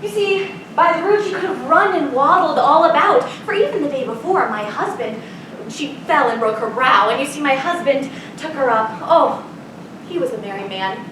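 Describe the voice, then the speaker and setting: A woman's voice: high voice, lively intonation, normal speed, far from the mic, a crowd in the background. Woman playing a bawdy rambling old nurse. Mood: chatty. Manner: rambling, giggling, sentimental. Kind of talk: live student stage acting. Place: theater stage. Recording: roomy stage sound from afar.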